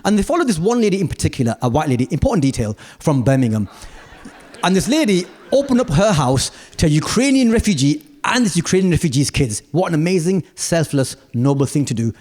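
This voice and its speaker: A male stand-up comedian telling stories on a large theatre stage, punchy asides building to shouted rants. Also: on the high side, very animated, fast.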